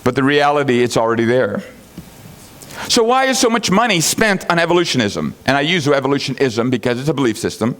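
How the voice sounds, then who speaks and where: Animated man teaching a congregation. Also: mid-range voice, a little fast. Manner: animated, rhetorical questions, chuckles at own jokes; acts out quoted people in raised voices. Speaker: Bible teacher.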